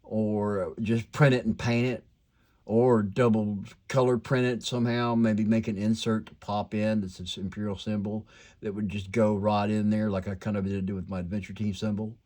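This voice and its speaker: An older man with a slight twang and a lowish voice talks through whatever is on his mind. He rambles casually at home, full of fillers, restarts and side trails. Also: level tone, normal speed, dark tone. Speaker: toy collector vlogger.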